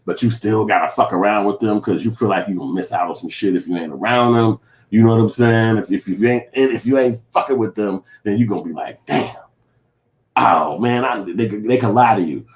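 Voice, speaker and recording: A man's voice: on the low side, a little mellow. A man with a Chicago accent talking straight to his viewers in casual commentary, profane and full of street slang, rambling from point to point. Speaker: vlogger.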